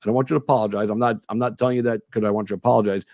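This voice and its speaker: Man, podcast host, low voice, casual, filler-heavy, dry sound. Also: rapid-fire, no room sound. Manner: relaxed, rambling, many fillers. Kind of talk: casual interview.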